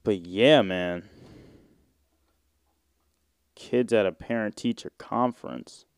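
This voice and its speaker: A young man in his twenties talks through a casual solo podcast episode, drifting from one thought to the next in loose slang. His voice is smooth and resonant, recorded close and dry with no room sound. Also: fairly low pitch, slow, no room sound. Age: 20s. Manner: rambling and slangy, with frequent fillers and swearing. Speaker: podcast host.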